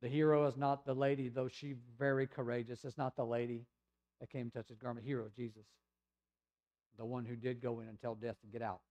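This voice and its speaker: Southern male pastor, middle-aged, mellow tone, chatty sermon delivery with sudden loud and soft turns. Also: medium pitch, little pitch movement, fast talker, muffled recording. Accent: Southern American. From Tennessee, USA.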